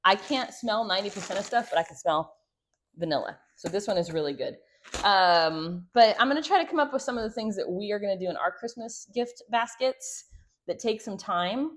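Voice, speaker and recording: A woman's voice: mid-range voice, lively intonation, fairly quick, slight background noise. A woman vlogger chatting casually through a how-to, rambling with lots of fillers and asides. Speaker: homestead vlogger.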